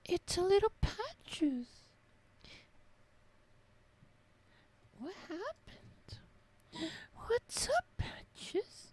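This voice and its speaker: A woman talking to her cat in a put-on cooing baby voice, soft and fond. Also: extremely high pitch, slight background noise, voice pushed up, exaggerated voice. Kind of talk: soft talk to a pet.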